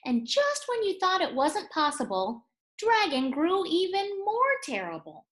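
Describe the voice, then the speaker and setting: A woman reading a children's picture book aloud, pausing to explain words and add playful asides. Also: extremely high pitch, wildly swooping pitch, fairly bright tone. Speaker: read-aloud storyteller for children.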